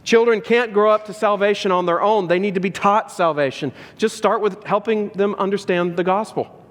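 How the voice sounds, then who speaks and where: A man's voice: high voice, normal speed, a bit bright. A pastor giving a sermon to fathers, earnest and direct, repeating key lines for emphasis. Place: church sanctuary. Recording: echoey hall with long reverb.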